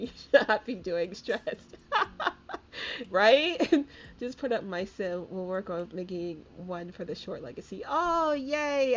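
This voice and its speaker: A woman's voice: medium pitch, muffled recording, a little hiss or hum. Chatty woman narrating her gameplay. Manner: chatty, giggly, voices sims' thoughts in quick asides. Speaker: streamer. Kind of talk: casual gameplay commentary.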